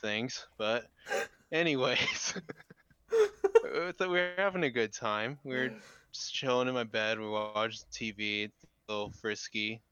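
A man in his twenties, a podcast co-host, telling an animated and profane story in casual chat. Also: mid-range voice, measured pace, clear, resonant tone, dry recording. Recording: slightly dull lo-fi sound.

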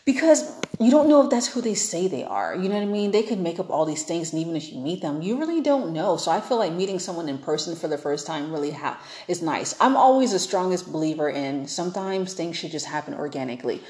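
Woman, lowish voice, casual dating advice, frank and chatty, echoey room. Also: sing-song, fast talker, dark tone. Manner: chatty, frank, acts out quoted people.

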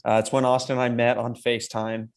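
A man in his twenties co-hosting a podcast, telling a story in casual chat, lively and often laughing. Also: medium pitch, fast. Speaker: podcast co-host.

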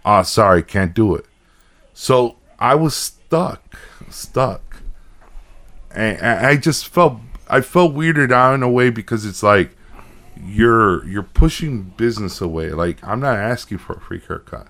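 A man in his thirties co-hosting a casual podcast, telling a story and jumping into quoted voices for each person in it. His pitch swings widely as he acts out each side, and he swears freely once he gets worked up. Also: measured pace. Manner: animated storytelling, acting out both sides of a conversation. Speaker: podcast co-host. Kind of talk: casual chat.

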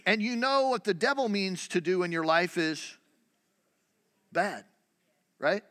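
A man's voice: high-pitched, lively intonation, a little slow, pushed and bright. A man preaching a sermon in a conversational way, full of rhetorical questions and restarts, in a church. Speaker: pastor. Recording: long hall reverb.

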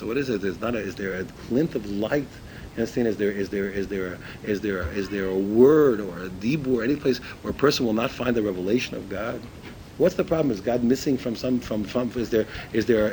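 A man's voice: mid-range voice, a little hiss or hum, low-quality recording. An older man teaching Torah in an informal talk. He tells stories with lots of expression, acting out the dialogue, and often repeats and restarts his phrases. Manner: animated storytelling, acts out dialogue in a raised voice.

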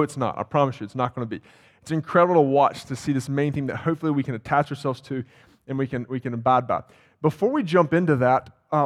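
A man preaching a sermon as campus pastor, talking casually and asking the congregation questions. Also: a little high. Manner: conversational, asks the congregation questions. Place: church sanctuary.

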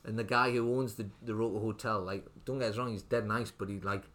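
A man's voice: on the low side, steady tone, brisk, a bit bright. A young man, a restaurant owner telling his story in a casual interview, rambling with lots of fillers and restarts. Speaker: restaurant owner, podcast guest.

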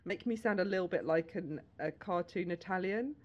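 A woman's voice: lowish voice, moderate pace. Essex woman telling funny family stories, laughing a lot, kinda muffled audio. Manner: laughs often, animated storytelling. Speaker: guest. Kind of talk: casual chat. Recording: dull lo-fi sound.

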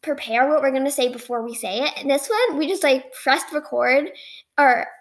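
A teenage girl co-hosting a podcast, chatting fast and giggling, with lots of "like" and fillers as she reacts to an old episode. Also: sits high. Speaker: podcast co-host.

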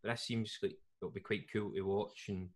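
A man in casual chat, relaxed and chiming in with short replies. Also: fairly low pitch, normal speed.

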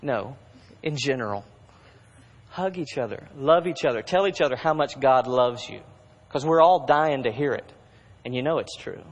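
A man's voice: medium pitch, lively intonation, normal speed. Preaching man in a reverberant hall. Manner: conversational preaching, swinging between urgent bursts and hushed asides. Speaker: pastor. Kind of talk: sermon. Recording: long reverb of a large hall.

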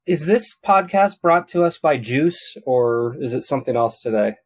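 A man's voice: mid-range voice, lively intonation, moderate pace, husky, no room sound, studio quality. A man co-hosting a podcast, chatting casually, swearing and breaking in with short reactions. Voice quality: profane, reacting with interjections. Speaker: podcast co-host. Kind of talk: casual chat.

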